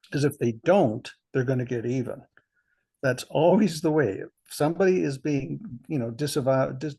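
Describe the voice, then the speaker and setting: An older man speaks as an interview guest, recounting his career in a relaxed, anecdotal way. His voice is gravelly and a little husky, with a mid-range pitch. He often chuckles at himself as he reflects. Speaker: interview guest, insurance veteran. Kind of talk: conversational interview storytelling.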